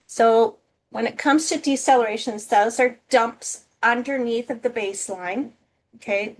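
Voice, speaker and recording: Woman nursing teacher talking thru a lecture, kinda high voice, laid back, lots of "okay?". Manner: casual, checks in with frequent "okay?". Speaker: nursing instructor. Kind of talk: recorded lecture.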